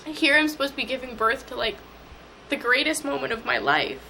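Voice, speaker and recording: A young woman telling an emotional personal story in an interview, halting and repeating herself. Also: high voice, sing-song, creaky, sharp tone, a little hiss or hum, rough recording.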